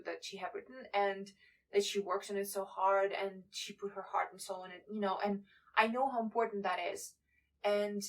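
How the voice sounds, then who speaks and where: A woman's voice: mid-range voice, fairly bright tone. A young woman from Ukraine, a book vlogger giving a casual reading wrap-up in a chatty, apologetic way with many fillers and restarts.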